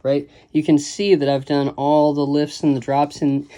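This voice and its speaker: Man explaining writing craft, mellow dark voice, rambling and conversational, reads lines of verse aloud. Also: a little high, completely flat delivery, moderate pace. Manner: loose and digressive, thinks aloud with fillers, recites quotes and verse. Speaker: writing teacher. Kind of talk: casual spoken lesson.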